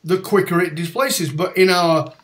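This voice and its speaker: A man hosting a podcast, telling a story with animated retold dialogue and frequent restarts. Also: sits high, moderate pace. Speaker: podcast host. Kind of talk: storytelling in conversation.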